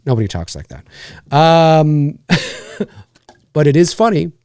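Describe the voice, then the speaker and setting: Lively Canadian man rambling on a live stream. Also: fairly high pitch, slow, clean tone, no room sound. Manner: rambling, with many fillers and restarts. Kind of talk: casual live-stream chat.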